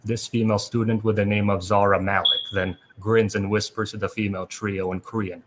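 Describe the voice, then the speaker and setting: Low, flat-voiced man reading a recap. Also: brisk, heavy background noise. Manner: steady read-aloud narration with small restarts. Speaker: podcast host. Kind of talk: reading a plot recap aloud.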